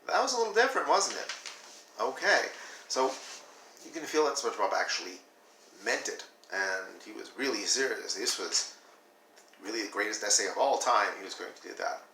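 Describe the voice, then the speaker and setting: Brief: male teacher, bright gravelly tone, lively demos, roomy distant sound with faint hiss. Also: fairly low pitch, moderate pace. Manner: animated, demonstrates flat versus expressive reading. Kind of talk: classroom video lesson.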